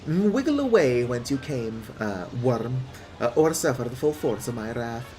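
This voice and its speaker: A man's voice: mid-range voice, sing-song, measured pace, warm tone, soft background music. A man voicing a haughty, gloating villain lord. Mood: menacing. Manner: haughty, taunting delivery with "mm" and "uh" fillers. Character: scornful male villain lord, haughty and menacing. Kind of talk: reading game text aloud.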